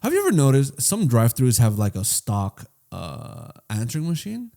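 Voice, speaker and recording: A man's voice: medium pitch, wildly swooping pitch, moderate pace, creaky, dark tone. A man co-hosting a casual podcast chat, talking emphatically, swearing often and ending lines with "man". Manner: emphatic, profane, says man a lot. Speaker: podcast co-host.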